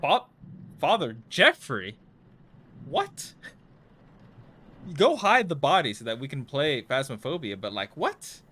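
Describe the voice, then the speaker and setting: A man's voice: mid-range voice, big pitch swings, normal speed, bright, forceful tone. A young man casually chatting to viewers while playing a horror game live, jittery and nervous, often trailing off into mumbles. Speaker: livestreamer.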